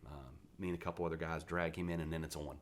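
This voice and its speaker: A man's voice: rumbling low, quick pace, slight background noise. A man in his forties from West Virginia, a retired Marine telling stories bluntly and with plenty of swearing as a podcast guest. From West Virginia, USA. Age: 40s. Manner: blunt, profane, animated storyteller. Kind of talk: casual interview storytelling.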